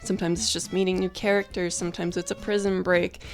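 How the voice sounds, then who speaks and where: A woman's voice: fairly low pitch, flat delivery, fast, soft background music. A young woman in casual chat, announcing her book in an upbeat, chatty way that pokes fun at herself. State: out of breath at first. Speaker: vlogger and author.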